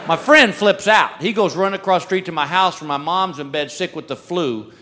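A man's voice: high voice, a little fast. A middle-aged man doing stand-up, telling self-mocking stories and laughing at his own jokes. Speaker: stand-up comedian. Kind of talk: stand-up comedy routine. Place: large venue with a live audience. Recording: live crowd noise, loud ambience.

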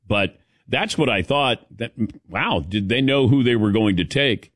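A man's voice: mid-range voice, moderate pace, few pauses, no room sound, clean studio sound. A man hosting a casual radio talk show, calling on his co-hosts and acting out quoted voices. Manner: animated, acts out quoted voices. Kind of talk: casual studio chat.

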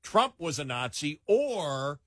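A man's voice: fairly high pitch, very animated, slow, no echo, studio quality. A man hosting a late-night political talk radio show, emphatic and incredulous, often restarting his words.

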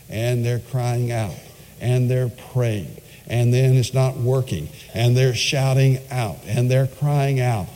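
Male preacher, mid-pitched, emphatic storytelling sermon, long hall reverb. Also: mellow. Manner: emphatic storytelling with dramatic pauses.

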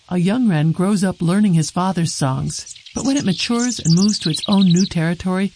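A woman narrating a short nature radio segment, explaining things gently in a scripted read. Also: lowish voice, noisy background. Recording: birdsong clips between lines.

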